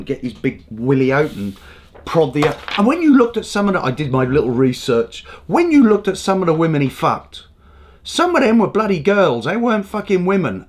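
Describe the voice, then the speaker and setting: A man's voice: high voice, very animated, normal speed. A man hosting a show, delivering sweary, indignant comedic commentary. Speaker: host.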